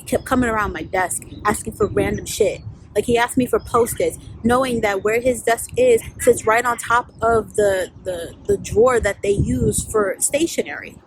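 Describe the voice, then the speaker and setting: A woman's voice: fairly high pitch, a little hiss or hum, low-quality recording. A woman, a life coach telling a candid, profanity-laced story in a storytime vlog.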